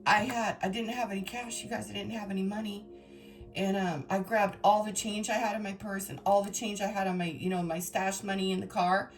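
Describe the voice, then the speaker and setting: A woman's voice: mid-range voice, flat delivery, a little fast, soft background music. A woman tarot reader telling her viewers a personal story in an emotional, rambling, dramatic way.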